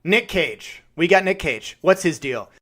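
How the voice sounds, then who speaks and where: A man's voice: sits high, lively intonation, unhurried, fairly bright tone. A man co-hosting a podcast, chatting casually about films, laughing often and swearing freely. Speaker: podcast co-host. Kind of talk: casual film chat.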